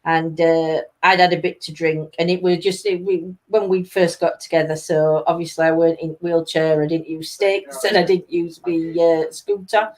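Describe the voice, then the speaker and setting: A woman's voice: on the low side, level tone, normal speed, hardly any pauses, darkish tone. Middle-aged Yorkshire woman, chatty co-host, laughs a lot while telling stories. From East Yorkshire, England. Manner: chatty storyteller, laughs often. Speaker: livestream co-host. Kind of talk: casual chat.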